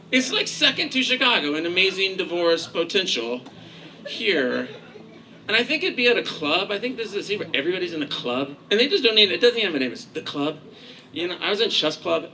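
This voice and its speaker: A man doing stand-up in a club, his voice riding high and swinging all over the place as he rambles through a profane, sarcastic set. The live recording carries a clear layer of noise under him, and he speaks into a handheld stage mic. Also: pushed and bright, poor audio. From Kansas. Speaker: stand-up comedian. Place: comedy club stage with a laughing audience.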